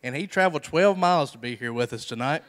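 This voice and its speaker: A man's voice: a little high, animated, fast talker, a bit bright. Jokey Southern man emceeing a contest. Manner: jokey, announcer-like. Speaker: contest host.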